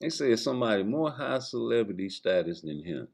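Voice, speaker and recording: A man's voice: on the low side, big pitch swings, fairly quick, gravelly, hardly any pauses, darkish tone. A man telling a crude, slangy comedic skit story, laughing often as he goes. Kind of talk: improvised comedic skit rant.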